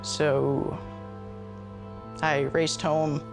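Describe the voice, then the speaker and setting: A man's voice: fairly high pitch, little pitch movement, drawn-out words, creaky, music in the background. A young man, the younger brother, earnestly recounting events in a documentary interview.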